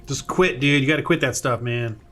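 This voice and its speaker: A man running a tabletop game as game master, relaxed and hesitant, with many fillers, talking over a home computer mic on a voice call. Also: medium pitch, fairly quick, a little hiss or hum.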